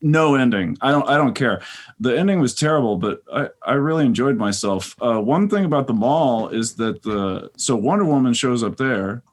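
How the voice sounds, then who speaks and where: A man tossing out blunt, offhand opinions in a relaxed podcast chat. His voice is an ordinary mid pitch. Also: moderate pace. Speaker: podcast guest.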